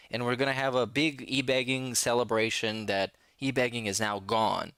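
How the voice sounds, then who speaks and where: Man, sarcastic commentary host, dry close sound, medium pitch. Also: steady tone, normal speed, hardly any pauses, fairly bright tone, clean tone, no room sound. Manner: sarcastic, mocking. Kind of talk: casual reaction commentary.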